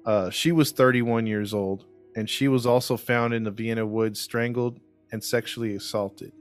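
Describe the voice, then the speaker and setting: A man's voice: medium pitch, steady tone, normal speed, soft background music. A man casually telling a crime case as podcast host, with many fillers and restarts. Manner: rambling, filler-heavy storytelling. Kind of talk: casual true crime chat.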